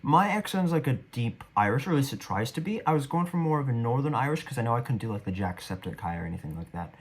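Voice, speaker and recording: A young man talks through his own stage performance in a loose, rambling way. He is casual and a bit self-deprecating, and his voice sits at an ordinary middle pitch. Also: animated, quick pace, breathy edge. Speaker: actor reviewing his performance. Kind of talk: casual commentary.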